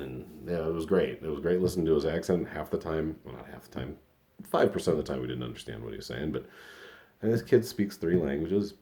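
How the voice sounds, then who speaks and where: Very deep-voiced man in his fifties. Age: 50s. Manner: rambling with many restarts, soft-spoken and reflective. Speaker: podcast host and comedian. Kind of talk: casual personal storytelling.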